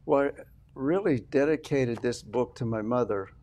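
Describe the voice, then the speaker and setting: A man's voice: medium pitch, normal speed, darkish tone. An older man, a minister guest on an interview show, telling an earnest family testimony and acting out quoted dialogue. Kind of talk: storytelling testimony.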